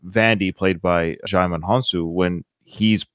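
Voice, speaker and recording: A man hosts a casual film podcast, retelling scenes with lively conversational energy. His voice sits on the low side. It is recorded close and dry, with no room sound. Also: a little slow, no echo. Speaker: podcast host. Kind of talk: casual film review chat.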